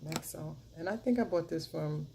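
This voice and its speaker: Low mellow-voiced lady doing her makeup on cam, keeps hyping herself up, bit of hiss behind. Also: moderate pace, gravelly. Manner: chatty, repeats catchphrases and cheers herself on. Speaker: makeup vlogger. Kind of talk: casual makeup tutorial chat.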